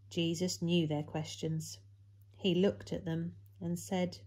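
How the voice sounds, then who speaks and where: Brief: woman storyteller for kids, low-pitched, slow, expressive delivery. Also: husky. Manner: expressive, big leaps in pitch and loudness for emphasis. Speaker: children's church storyteller. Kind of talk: reading a Bible story to children.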